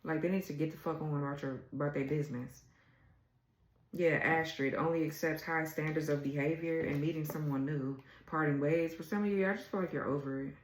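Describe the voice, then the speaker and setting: A woman's voice: low-pitched, fairly even intonation, a little fast, roomy sound, low-quality recording. A woman doing a casual tarot reading, blunt and exasperated, swearing freely as she reads the cards. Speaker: tarot reader.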